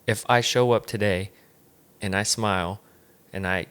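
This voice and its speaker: A man's voice: on the low side, fairly even intonation, unhurried, a bit bright, clear, resonant tone. A man speaking as a guest on a podcast in casual chat, emphatic and swearing freely.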